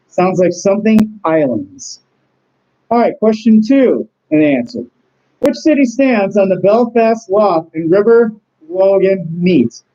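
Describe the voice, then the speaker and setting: Reading trivia questions and their answers in a casual chat, a man rambles along with self-deprecating side comments. His voice sits high and sounds mellow, and the audio is dull.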